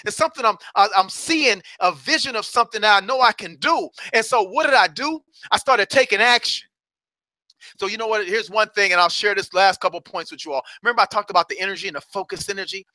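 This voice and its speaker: High, bright-voiced man giving a motivational talk. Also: quick pace, dry recording. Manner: storytelling, acts out quoted voices; emphatic, repeats words for effect. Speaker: motivational speaker.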